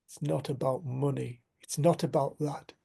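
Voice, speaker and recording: A man voicing a gentle, peaceful homeless man who speaks softly and haltingly. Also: mid-range voice, steady tone, vocal fry, husky. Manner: soft and halting.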